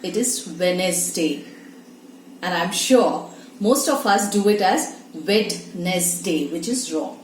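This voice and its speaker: A woman tutoring English pronunciation, her pitch rising and falling energetically as she spells out words and explains them step by step. The room around her has a noticeable echo, with a faint hum of ambience underneath. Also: lively intonation, slow. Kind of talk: teaching pronunciation to camera.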